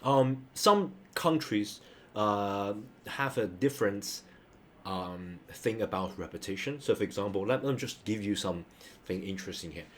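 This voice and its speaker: Male tutor, lowish voice, casual and chatty, keeps asking "okay?". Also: animated, normal speed, a little hiss or hum. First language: Mandarin. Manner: loose and chatty, ends points with a checking "okay?". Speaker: online Mandarin teacher. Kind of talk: casual screen-share lesson.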